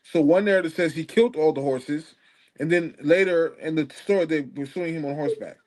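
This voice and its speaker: A man with a slightly high voice calls into a Bible debate stream. He presses his questions steadily and persistently and reads scripture passages aloud. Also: a little fast, darkish tone. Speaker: caller.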